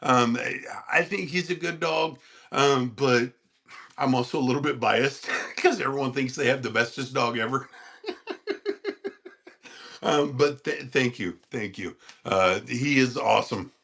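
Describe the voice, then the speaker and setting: A man hosting a casual livestream, rambling and laughing as he answers chat and talks to his dog in a high sing-song voice. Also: measured pace, vocal fry, a bit bright.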